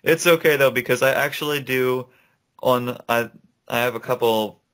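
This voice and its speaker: A man's voice: mid-range voice, moderate pace, fairly bright tone. A young man co-hosting a casual gaming podcast, rambling and laughing often. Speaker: podcast co-host. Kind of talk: casual chat.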